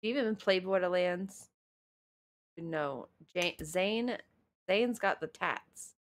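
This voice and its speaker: A woman's voice: on the low side, slow. A young woman streamer chatting playfully to herself and laughing often while playing a video game live.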